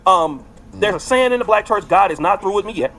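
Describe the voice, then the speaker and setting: Fast argumentative woman commentator. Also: medium pitch, animated, fairly bright tone. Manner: argumentative, rhetorical questions. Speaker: political commentator. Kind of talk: opinion commentary.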